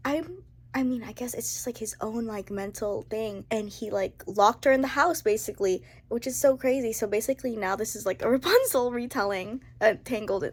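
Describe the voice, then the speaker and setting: A woman chatting casually and emotionally in a reading-reaction vlog, with lots of "like" fillers. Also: mid-range voice. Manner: gushing, emotional, heavy use of "like". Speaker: book vlogger.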